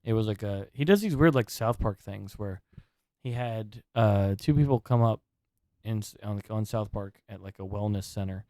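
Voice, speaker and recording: A man's voice: fairly low pitch, moderate pace, dark tone, no echo, clean studio sound. A man co-hosting a podcast in casual chat, rambling and swearing freely as he rants. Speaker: podcast co-host.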